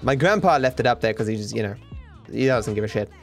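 A man's voice: medium pitch, animated, fast, soft background music. A young man, a streamer rambling casually, candid and self-deprecating, swearing freely.

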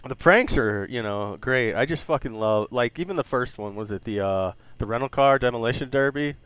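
A man's voice: medium pitch, fairly quick, a bit bright, smooth, no echo. A man in his late thirties co-hosting a podcast, chatting casually, laughing often and swearing freely. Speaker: podcast co-host. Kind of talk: casual chat.

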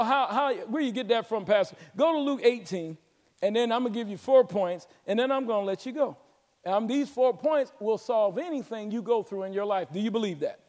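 High-pitched preacher man in a reverberant church. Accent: Southern American. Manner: call-and-response preaching, rising to shouts. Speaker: pastor. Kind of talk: sermon. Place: large church sanctuary. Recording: long hall reverb.

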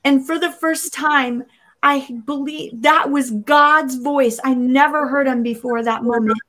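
A woman's voice: high-pitched, steady tone, unhurried, sharp tone. An adult woman sharing a personal faith testimony in an interview, earnest and vivid, acting out her own past words as she goes. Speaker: interview guest.

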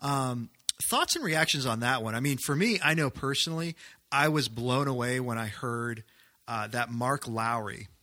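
A male podcast host with a bright, clear tone, speaking in a measured, thoughtful way. He hesitates often and fills his pauses as he talks through his ideas. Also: mid-range voice, expressive. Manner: thoughtful, hesitant with many fillers. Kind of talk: casual discussion.

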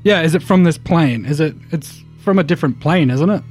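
Insistent higher-voiced man at a game table. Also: a little fast, darkish tone, faint music behind. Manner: insistent, argues rules with the game master. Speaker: player.

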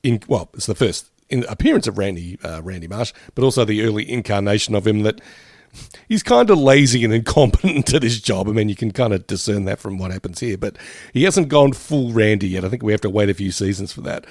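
A man's voice: on the low side, lively intonation, a little fast, a little mellow, no echo, studio quality. A man co-hosting a podcast in casual chat, laughing often and swearing freely. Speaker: podcast co-host.

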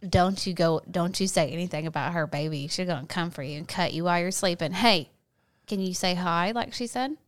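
Smooth-voiced, laughing podcast co-host woman. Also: fairly low pitch, a little fast, few pauses. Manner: animated, laughs often, teasing. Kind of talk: casual podcast banter.

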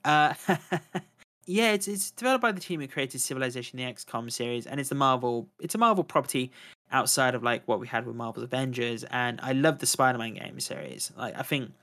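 Excited male co-host who rambles and trips over his own corrections. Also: medium pitch, a little fast. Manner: enthusiastic, rambling, self-correcting. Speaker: podcast co-host. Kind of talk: casual chat about video games.

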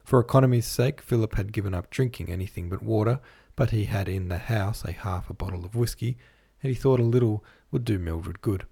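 A man reading a classic novel aloud as a podcast host, in measured literary narration. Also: fairly low pitch, vocal fry, mellow, husky. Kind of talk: scripted narration.

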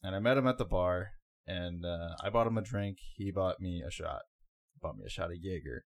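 A man's voice: deep voice, expressive, normal speed, vocal fry, no room sound, studio quality. A man co-hosting a podcast, telling a long story in a rambling, laid-back way with lots of fillers. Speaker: podcast co-host. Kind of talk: casual storytelling chat.

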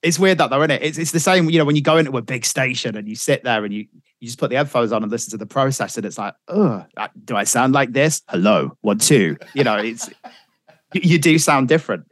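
A middle-aged man, a radio presenter appearing as a guest, swaps radio anecdotes in a casual interview chat, speaking fast in a mid-range voice. A chatty storyteller, he acts out quotes by slipping into other people's voices. The recording is dry and close, with no room around it.

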